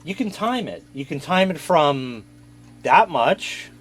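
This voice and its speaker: Slow-talking man showing off an old gadget. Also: fairly high pitch, big pitch swings, slightly rough. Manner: joking, self-mocking, rambling. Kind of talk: casual show-and-tell.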